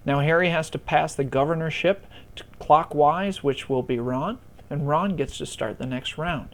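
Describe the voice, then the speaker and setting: A man walking listeners through a board game's rules in a relaxed, conversational way, with some self-deprecating humor. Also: fairly high pitch, moderate pace. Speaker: board game tutorial presenter. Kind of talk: casual rules explanation.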